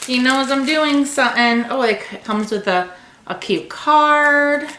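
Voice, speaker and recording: A woman's voice: high voice, a little slow, echoey room, noisy background. A woman vlogger unboxing a subscription box at home, gushing over each item and cooing to her cat. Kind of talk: casual unboxing chat.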